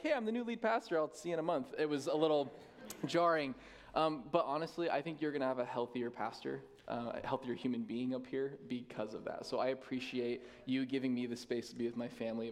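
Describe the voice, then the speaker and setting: A tired lead pastor in his thirties gives casual, self-deprecating announcements to his church from the sanctuary. His mid-range voice carries a slight hiss or hum, and he's chatty, pokes fun at himself, and laughs easily.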